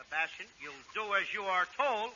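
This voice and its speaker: A man's voice: high voice, expressive, brisk. A man who is a comedian, in 1940s radio comedy, with a whiny, indignant wisecracking manner. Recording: dull 1940s radio broadcast, faint hiss.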